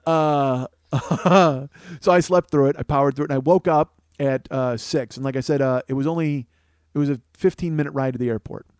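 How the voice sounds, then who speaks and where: Sitting in a small studio near his co-host, a podcast host delivers a comedic storytelling monologue full of profanity, chuckling at his own jokes. His middle-pitched voice is quick, a little mellow, clear, and resonant, captured close and dry on the mic with no echo.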